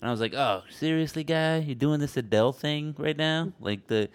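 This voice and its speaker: A man's voice: medium pitch, fairly quick, few pauses. A man co-hosting a casual chat, telling a story with energy and swearing casually. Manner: animated storytelling, swears casually, mimics other people. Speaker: podcast co-host.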